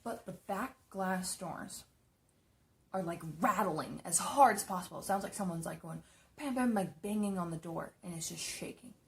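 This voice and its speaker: Gravelly and fairly low, this young woman's voice moves at a moderate pace as she recounts spooky experiences from her apartment. A beauty vlogger, she retells them animatedly and chattily, swearing freely.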